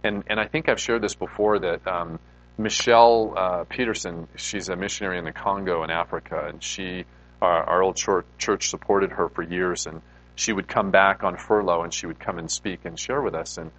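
A man's voice: deep voice, fairly even intonation, moderate pace, fairly bright tone, low-quality recording. A male pastor giving a conversational sermon in an informal way, putting rhetorical questions to his listeners.

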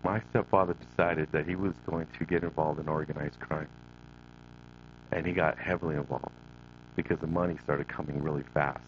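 A middle-aged man with a very low voice tells the story of his own childhood to a live audience. He speaks to them directly and acts out what he said as a boy. The sound is dull and lo-fi, with a faint hum underneath. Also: fairly even intonation, moderate pace. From Northern California. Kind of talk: personal testimony to an audience.

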